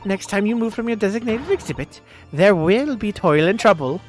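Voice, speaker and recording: A streamer voicing a mysterious French waxwork museum owner, reading her game dialogue in a put-on French accent with a grave, measured delivery. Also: medium pitch, lively intonation, soft background music, voice pushed up, close to an everyday voice. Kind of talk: game dialogue read aloud.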